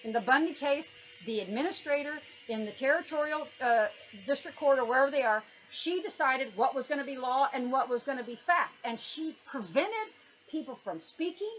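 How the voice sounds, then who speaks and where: A woman's voice: sits high, expressive, normal speed. A woman giving an emphatic, lecturing monologue, stressing her words. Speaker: commentator. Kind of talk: didactic monologue. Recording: dull lo-fi recording with faint noise.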